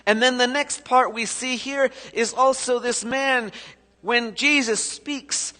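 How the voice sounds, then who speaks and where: Man, pastor, sermon, high voice, swings loud and soft, church echo. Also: slow. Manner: animated storytelling preacher, swings between loud and soft. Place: church sanctuary. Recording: echoey church hall.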